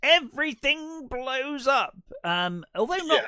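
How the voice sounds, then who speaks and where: A man co-hosting a podcast, casually retelling film scenes with lots of ums and a quick laugh. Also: very high voice, very animated, pushed and bright, clear, resonant tone, no echo. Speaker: podcast co-host.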